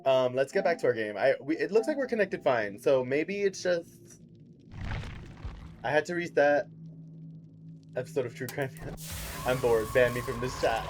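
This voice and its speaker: A man's voice: mid-range voice, lively intonation, normal speed, long pauses, soft background music. A man streaming a game from home, chatting casually with viewers and cheering and laughing often. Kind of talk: casual gaming livestream chat.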